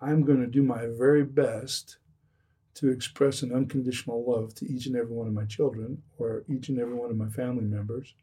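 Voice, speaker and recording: An earnest man talks with a mellow, slightly husky voice, circling back and restarting his sentences as he makes his point. He sits a bit back from the microphone, so the sound is a little distant. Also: mid-range voice, fairly even intonation, brisk. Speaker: addiction recovery speaker. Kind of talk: earnest podcast conversation.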